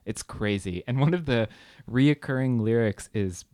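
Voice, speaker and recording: A man co-hosting a podcast, recommending a song in a halting, amused, self-deprecating way. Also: medium pitch, big pitch swings, a little mellow, dry recording, clean studio sound. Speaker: podcast co-host. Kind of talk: casual chat, music recommendation.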